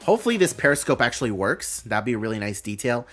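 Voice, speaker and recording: A man's voice: medium pitch, sing-song, fast, fairly bright tone, faint music behind. A man hosting a live stream, reading out announcements and thinking aloud with a rambling, casual manner.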